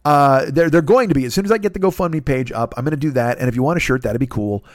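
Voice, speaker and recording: A man's voice: mid-range voice, quick pace, no room sound, clean studio sound. A middle-aged man hosting his own podcast, talking alone in a rambling, profane, self-deprecating way. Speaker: podcast host. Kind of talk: solo podcast monologue.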